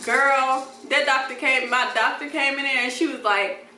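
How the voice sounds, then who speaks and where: Young woman, bright voice, echoey room, mic set back. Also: high-pitched, moderate pace, far from the mic, a little hiss or hum. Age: young adult. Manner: animated, acts out voices in quotes, laughs often. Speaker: vlogger. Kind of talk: casual storytime.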